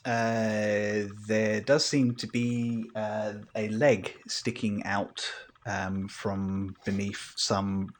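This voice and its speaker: A man running a tabletop role-playing game, narrating scenes and calling for dice rolls at a slow, deliberate pace. He pauses often with hesitant fillers as he sets the scene. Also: on the low side, little pitch movement. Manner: unhurried, with frequent "uh" fillers. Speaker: game master.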